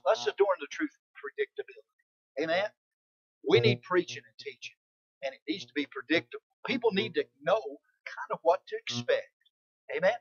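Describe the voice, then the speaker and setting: A middle-aged man with a husky voice, teaching in a folksy, emphatic sermon style, calling out "Amen?" and swinging from loud exclamations down to near whispers. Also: high-pitched. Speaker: preacher and Bible institute teacher. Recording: slightly muffled, dry sound.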